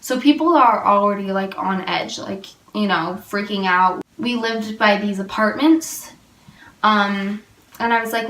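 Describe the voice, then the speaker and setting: A woman's voice: medium pitch, a little slow, fairly bright tone. A young woman telling a storytime vlog, rambling and packed with fillers. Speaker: vlogger. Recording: roomy and a little distant.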